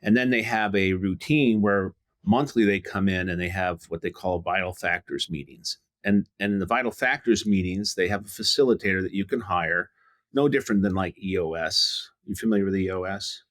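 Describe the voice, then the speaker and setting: A man's voice: low-pitched, moderate pace, a bit bright, dry recording, studio quality. A middle-aged man, a business owner, answering interview questions in a frank, rambling way with many restarts. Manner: rambling, restarts often, frank with mild profanity. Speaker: guest, home services business owner.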